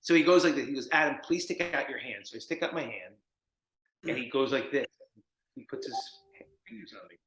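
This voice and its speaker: Brisk and mid-range, with frequent pauses, this male voice belongs to a recovery mentor from New Jersey being interviewed. He tells stories animatedly, performing the voices of the people he quotes, and the room is echoey.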